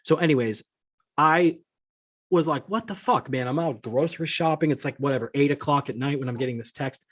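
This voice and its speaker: A man's voice: medium pitch, fairly quick, fairly bright tone. Exasperated man ranting on a podcast. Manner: exasperated, indignant, swearing, reading messages aloud. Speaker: podcast host. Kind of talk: solo podcast rant.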